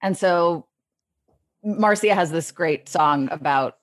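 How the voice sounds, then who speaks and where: A woman's voice: on the low side, slow. A woman on a podcast panel, chatting enthusiastically as she tells a story. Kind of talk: casual chat.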